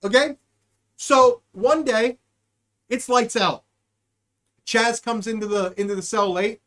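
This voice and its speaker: A man hosting a live show, telling a story in a loose, profane way, speeding up and then drawing his words out. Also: sits high. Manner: animated, profane, swings between quick and drawn-out. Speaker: podcast host. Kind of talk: casual storytelling.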